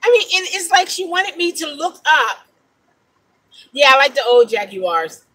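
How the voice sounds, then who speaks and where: A middle-aged woman with an African-American English accent, a rideshare driver telling stories in a casual vlog, animated and incredulous. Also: high-pitched, measured pace, low-quality recording. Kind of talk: casual talking-to-camera vlog.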